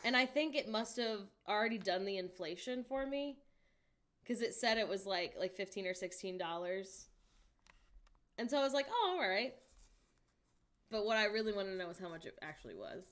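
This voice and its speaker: With an expressive, mid-range voice and a fairly quick pace, a young woman from the United States runs a laid-back livestream. She reads chat out loud, jokes around, laughs a lot, and lets out disbelieving outbursts.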